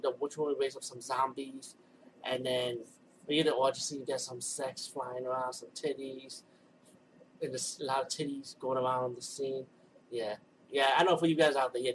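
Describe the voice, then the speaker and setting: A man's voice: medium pitch, slight background noise, rough recording. A man giving a loose, rambling spoken review of a horror movie, talking casually with lots of restarts.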